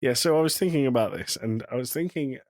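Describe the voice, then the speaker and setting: A British man co-hosting a podcast in casual chat, telling jokes in a deadpan way. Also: medium pitch, fast talker, no echo, studio quality. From Britain. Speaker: podcast co-host.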